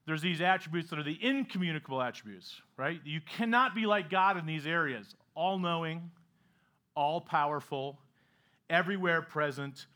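A man's voice: high voice, bright, forceful tone. A man preaching a sermon as pastor, earnest, often asking rhetorical questions and acting out quoted speech with sarcastic emphasis.

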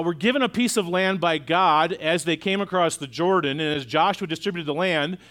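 A middle-aged man with a fairly high voice preaches to a church congregation. His delivery is conversational, and he keeps putting questions to the listeners. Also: a bit bright. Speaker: pastor. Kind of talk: sermon. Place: church auditorium.

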